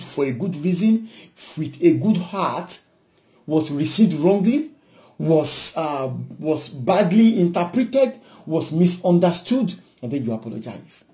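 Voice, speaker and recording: A man with a Nigerian accent preaching a sermon, exhorting and shifting between loud and hushed. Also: fairly high pitch, big pitch swings, measured pace.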